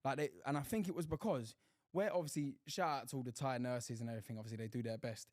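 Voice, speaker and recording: A man's voice: medium pitch, fast, no room sound, clean studio sound. A young man, telling stories in a casual podcast chat, full of slang and swearing. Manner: animated storytelling with slang and swearing. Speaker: podcast co-host.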